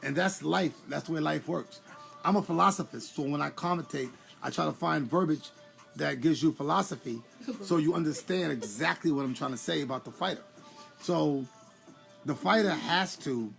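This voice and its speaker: A middle-aged man talks casually and at length on a live stream, as a former boxer would, greeting viewers by name along the way. His voice is gravelly and sits a little high for a man. Faint music plays behind him. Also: moderate pace, fairly bright tone. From New York.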